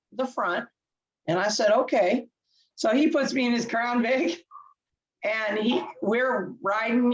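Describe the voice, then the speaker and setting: Animated woman telling a story. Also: medium pitch, low-quality recording. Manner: animated, laughing often, acts out quoted voices. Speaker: interview guest. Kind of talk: casual storytelling.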